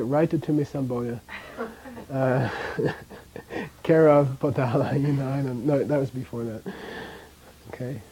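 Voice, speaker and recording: Mellow-voiced man teaching a class. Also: a little high, poor audio. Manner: drills sounds by repeating them, checks in with "okay?". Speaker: language teacher. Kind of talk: classroom language lesson.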